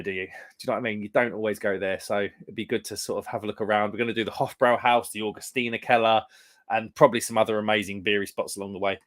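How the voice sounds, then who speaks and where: A man's voice: lowish voice, fairly bright tone. Chatty rambling young British man. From United Kingdom. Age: young adult. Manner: rambling, chatty, lots of fillers and restarts. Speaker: live stream host. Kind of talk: casual chat with live chat viewers.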